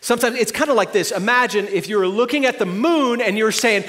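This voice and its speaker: A young adult male pastor delivering a sermon in a high voice. He talks in a conversational, joking way, then drops to soft, hushed reassurance before rising again into loud, emphatic stretches. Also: animated, quick pace, few pauses.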